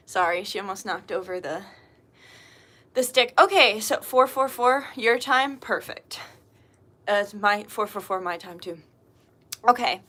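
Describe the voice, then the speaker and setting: A woman hosts a spiritual live stream in a bright, sharp-edged voice. She speaks informally, reads viewers' names aloud and drops plenty of "um"s, and her prayers come out soft and hushed. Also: mid-range voice, slow. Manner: greets chat viewers, laughs easily, fills with um. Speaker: spiritual reader and livestream host. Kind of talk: casual live-stream chat with opening prayer.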